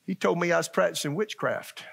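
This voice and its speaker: Earnest older preacher, folksy and plain. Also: male voice, on the high side, a little fast, creaky, a bit bright, breathy edge. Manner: folksy, earnest preaching with repetitions and asides to the congregation. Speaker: pastor. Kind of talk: sermon. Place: church sanctuary.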